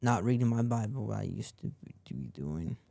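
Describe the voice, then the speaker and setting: A man's voice: fairly low pitch, animated, brisk, creaky, warm tone, no room sound. A young man hosting a podcast, telling a personal story in a rambling way and leaning on "like" and repeated phrases. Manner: rambling, repeats himself, lots of "like". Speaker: podcast host.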